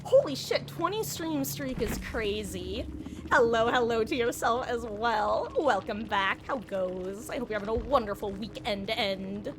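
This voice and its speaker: A woman's voice: fairly high pitch, a little slow, noisy background. A woman live-streaming a game, chatting casually with viewers, greeting them and musing on playful wordplay. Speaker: livestreamer. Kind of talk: casual live-stream chat while gaming. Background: game music.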